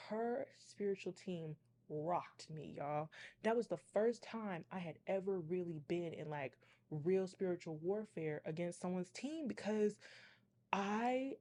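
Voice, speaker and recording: A woman's voice: mid-range voice, mellow. A young woman who reads tarot, telling a story to her viewers in a chatty, dramatic way. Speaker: tarot reader and channel host. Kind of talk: casual storytime.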